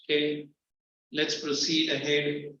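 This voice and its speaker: Indian English male teacher, high bright voice, code-switches to Hindi, brisk and firm. Distant, muffled, very echoey classroom sound with faint hiss. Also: completely flat delivery. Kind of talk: classroom lecture.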